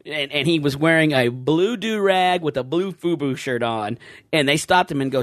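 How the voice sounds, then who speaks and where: A man's voice: a little high, animated, moderate pace, no echo, clean studio sound. A man co-hosting a podcast, telling an amused, profane anecdote in casual chat.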